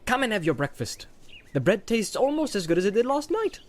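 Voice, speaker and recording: A man reading aloud and voicing an eager, cheerful young male hobbit who teases with quick questions. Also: high-pitched, sing-song, voice pushed up. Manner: quick, bright, teasing questions.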